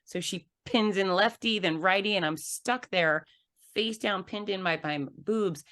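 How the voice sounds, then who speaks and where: A woman guest on a podcast telling a personal story with animated, laughing delivery that acts out the scenes. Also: medium pitch, unhurried. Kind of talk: conversational storytelling.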